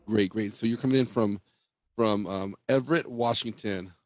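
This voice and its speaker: Low-voiced male interview host. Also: normal speed, dry recording. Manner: friendly, laughs often. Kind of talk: casual interview.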